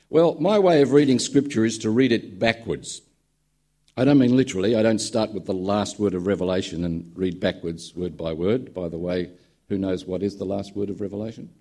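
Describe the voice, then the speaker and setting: A man's voice: lowish voice, moderate pace, darkish tone. A man preaching a sermon in a conversational storytelling manner, with dry humour. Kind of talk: sermon with a told joke.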